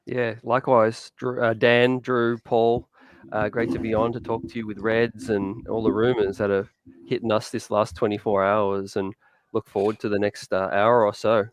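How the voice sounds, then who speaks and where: A man's voice: on the low side, level tone, moderate pace. A man on a livestream panel, giving brief, friendly greetings. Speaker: panelist and editor. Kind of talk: casual livestream chat.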